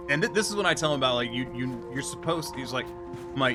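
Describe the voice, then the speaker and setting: A man's voice: medium pitch, animated, quick pace, over music. A man streaming and telling a story in a casual chat style, ranting with lots of profanity.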